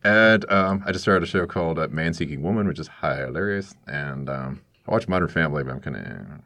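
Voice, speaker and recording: A man's voice: rumbling low, lively intonation, brisk, vocal fry, sharp tone. A man co-hosting a podcast, talking casually and animatedly, laughing often. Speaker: podcast co-host. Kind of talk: casual chat.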